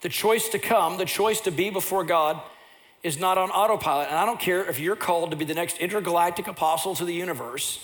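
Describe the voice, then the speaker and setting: A pastor preaching a sermon, telling personal stories, and at times rising into loud impassioned preaching. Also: male voice, high voice, brisk.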